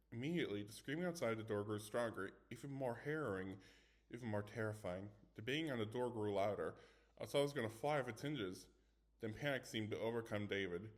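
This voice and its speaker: A man's voice: medium pitch, lively intonation, fast talker. A man reading a scary story aloud in first person, dramatic, with small stumbles. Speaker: story reader.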